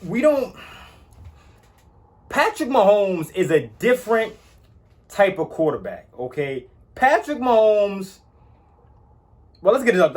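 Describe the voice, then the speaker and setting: Man, slightly high voice, emphatic, repetitive, casual sports commentary. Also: expressive, normal speed. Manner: emphatic, repetitive, says "all right?" often. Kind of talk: casual sports opinion talk.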